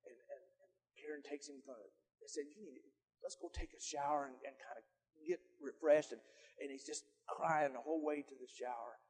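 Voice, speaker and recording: An older man, a grandfather, preaching a folksy sermon with stories, swinging from loud emphatic lines to soft quiet ones. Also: on the high side, steady tone, fairly quick, breathy edge, big-room sound. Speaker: pastor.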